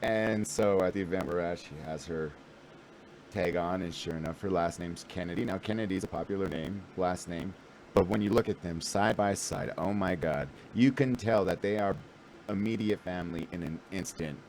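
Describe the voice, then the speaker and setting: A man's voice: sits low, normal speed, darkish tone, a little hiss or hum, poor audio. A man in his forties telling a rambling, self-deprecating story to camera, full of fillers and restarts. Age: 40s. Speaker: vlogger and new actor.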